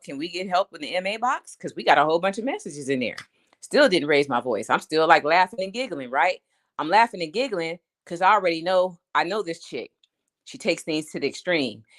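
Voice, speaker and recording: A woman's voice: sits low, a bit bright. A woman on a live stream telling a story in a blunt, emphatic and chatty way, often asking "you know what I'm saying". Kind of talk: casual storytelling rant.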